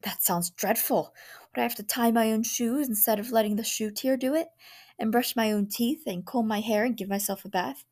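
A woman's voice: fairly high pitch, normal speed, a little mellow, pitched above the performer's own voice. A woman reading a cold, spoiled boy. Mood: defiant. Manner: defiant, curt. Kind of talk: storybook reading.

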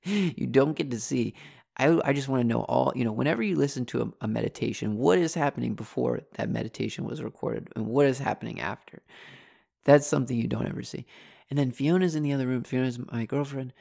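A young man, a mindfulness teacher, talking candidly into a desktop mic in his bedroom, animated and venting frustration. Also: medium pitch, vocal fry. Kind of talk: casual candid vlog talk. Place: bedroom at home. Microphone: desktop USB condenser mic.

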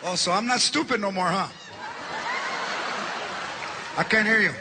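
A man's voice: sits high, fast talker, crowd noise, noisy background. A man playing a gloating, scornful wife. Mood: mocking. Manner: sarcastic, taunting.

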